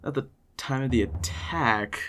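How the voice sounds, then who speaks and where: A man's voice: medium pitch, unhurried, a bit bright, slight background noise, close to an everyday voice. A man playing a nervous, eager young male servant who stammers and hesitates. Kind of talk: audio drama acting.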